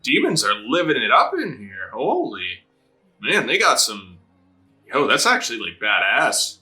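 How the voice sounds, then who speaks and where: A man's voice: medium pitch, wildly swooping pitch, measured pace, sharp tone, faint music behind. A man hosting an anime reaction video, chatting casually, laughing often, swearing and acting out characters' lines. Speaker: anime reaction channel host.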